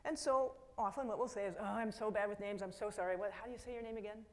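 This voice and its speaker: In a conference hall, a middle-aged woman gives a lively, story-driven keynote from the stage. Speaking fast at a mid-range pitch, she drops into quoted voices and talks straight to the crowd.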